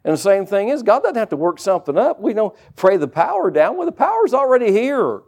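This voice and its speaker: Animated high-voiced male preacher. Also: brisk. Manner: animated, conversational, folksy asides. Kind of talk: sermon. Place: church service with congregation.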